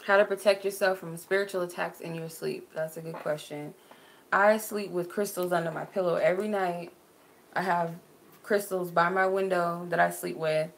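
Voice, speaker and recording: A woman's voice: lowish voice, steady tone, normal speed, creaky. A woman from Arizona chatting casually on a livestream as a spiritual reader, answering viewers with frequent "like" fillers. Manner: chatty, many "like" fillers, laughs easily.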